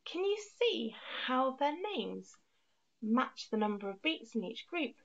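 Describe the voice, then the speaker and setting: A woman leads an online music lesson for young children, counting rhythms aloud and punching each first beat. Her voice sits a little high with a gravelly edge. The recording sounds dull and lo-fi. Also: sing-song, a little slow, a bit bright. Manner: encouraging, counts beats aloud with strong emphasis.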